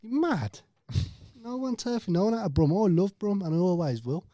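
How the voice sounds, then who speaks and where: A young man with a Birmingham accent, swearing and loudly defending himself in casual banter with friends. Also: sits high, big pitch swings, moderate pace, no echo, studio quality. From Birmingham, England. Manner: swears a lot, loud and defensive. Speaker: podcast co-host.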